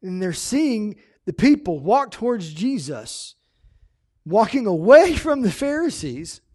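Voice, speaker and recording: A male pastor preaches with a lively, animated delivery, jumping from loud emphasis down to hushed asides. His voice sits high for a man. The sound is dry and close, with no room echo. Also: slow. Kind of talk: sermon.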